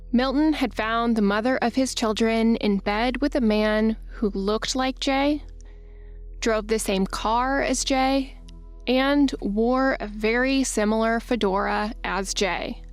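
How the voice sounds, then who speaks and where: A woman hosting a podcast, narrating the story in a measured, scripted way. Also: on the high side, soft background music.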